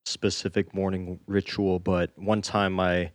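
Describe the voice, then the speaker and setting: A man co-hosting a casual podcast, telling a story in a measured, hesitant way. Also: deep voice, level tone, no echo, studio quality. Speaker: podcast co-host. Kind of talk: casual chat.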